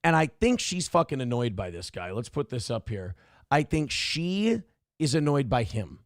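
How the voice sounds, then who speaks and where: A man's voice: medium pitch, big pitch swings, moderate pace, no echo, studio quality. A man hosting a morning show, giving blunt, profane and sarcastic commentary on the news.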